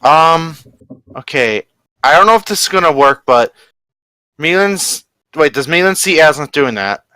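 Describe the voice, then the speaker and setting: Man at the gaming table, bright voice, dry close sound, hesitant player. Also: a little high, lively intonation, measured pace, dry recording. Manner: hesitant, thinking aloud. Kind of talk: casual tabletop play.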